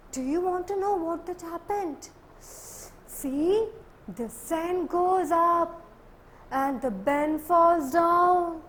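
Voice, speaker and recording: A woman's voice: very high-pitched, fairly bright tone, a little hiss or hum. A woman teacher telling a story to young children in a sing-song way, often asking them questions. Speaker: primary school teacher.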